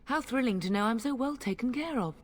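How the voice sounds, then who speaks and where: An actress playing a noble mother in a fantasy game, affectionate and gently sardonic. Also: a little high, lively intonation, fairly quick. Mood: fond wry. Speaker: game character.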